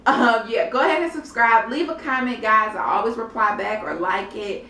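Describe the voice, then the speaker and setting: A woman's voice: on the high side, moderate pace, bright, forceful tone, recorded from a distance. A young adult woman reviewing a reality show in a casual vlog, blunt and profane, chatting straight to her viewers. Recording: roomy echo, off-mic, faint background noise.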